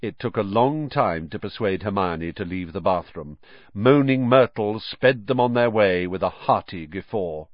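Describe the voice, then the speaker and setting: A man narrating an audiobook with a vivid, expressive reading. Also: on the low side, measured pace, dry recording, dull audio.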